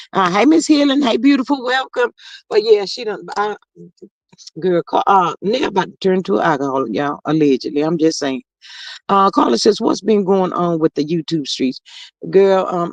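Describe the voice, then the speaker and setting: A woman's voice: on the low side, no echo, dull audio. A woman hosting a casual livestream, reading viewer comments aloud and greeting people by name in a drawling, chatty way. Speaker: livestream host.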